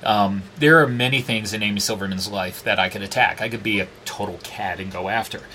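Guest, male, 40s: low-pitched, bright, forceful, foul-mouthed, animated raconteur. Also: fairly quick, slight background noise. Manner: profane, animated, acts out quoted dialogue. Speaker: interview guest. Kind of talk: candid storytelling conversation.

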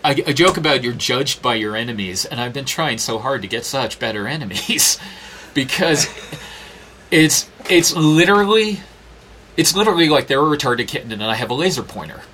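A man's voice: normal speed, a little hiss or hum. A middle-aged man telling a story in a casual, sarcastic and profane way, acting out quotes with big jumps in his voice. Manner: animated, acts out quotes with big pitch jumps.

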